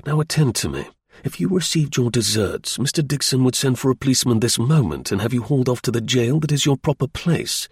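A man's voice: medium pitch, expressive, slightly rough, no room sound, studio quality. Man reading as a stern cool detective. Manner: stern, measured. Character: calm stern male detective, commanding. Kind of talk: audiobook reading.

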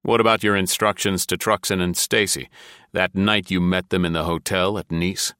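A man reading the lines of a calm young American agent in a cool, curt manner. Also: deep voice, normal speed, clean tone, no room sound, clean studio sound.

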